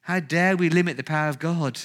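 A man's voice: a little high, a little fast, fairly bright tone. A man preaching a sermon as pastor, emphatic, with rhetorical questions and repeated phrases.

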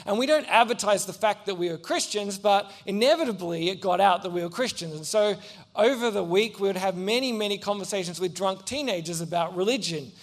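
A young man preaches in a lively storytelling way, acting out the people in his anecdotes. His voice sits high for a man. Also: a little fast. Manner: animated, acts out voices in anecdotes. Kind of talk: storytelling sermon.

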